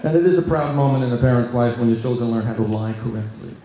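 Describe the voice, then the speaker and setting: A man, a rabbi, telling a comic, self-mocking story to an audience with sharp timing. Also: medium pitch, fast. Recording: echoey hall, dull sound.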